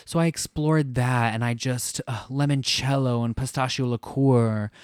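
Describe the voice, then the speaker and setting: A man's voice: medium pitch, steady tone, unhurried, no room sound, clean studio sound. A man, co-hosting a podcast and telling a travel story in an effusive, gushing way. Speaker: podcast co-host. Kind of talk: casual travel chat.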